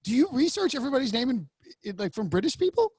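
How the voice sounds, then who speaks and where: A man with a high, light voice co-hosts a sports podcast in casual chat. He rambles and jokes, slipping into mock announcer bits now and then. The sound is close and dry. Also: very animated, quick pace, darkish tone, slightly rough, no echo. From United States. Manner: rambling, joking, with playful put-on announcer bits. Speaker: podcast co-host.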